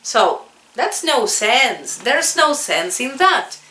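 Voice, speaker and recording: Slow, bright-voiced woman teacher, echoey. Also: fairly high pitch, sing-song. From South America. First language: Spanish. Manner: earnest, repeats points for emphasis. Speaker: English teacher. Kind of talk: casual video lesson. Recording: echoey room.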